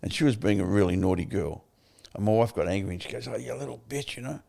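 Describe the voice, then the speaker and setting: An older man with an Australian accent, a podcast guest telling his story candidly, blunt and quick to swear. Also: sits low, gravelly. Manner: blunt, swears freely, animated retelling.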